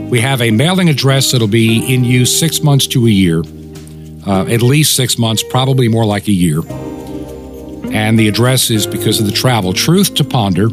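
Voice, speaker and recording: A man's voice: mid-range voice, over music. Tired, earnest male radio host. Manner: earnest, slows to spell out details. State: tired, weak voice. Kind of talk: radio appeal to listeners.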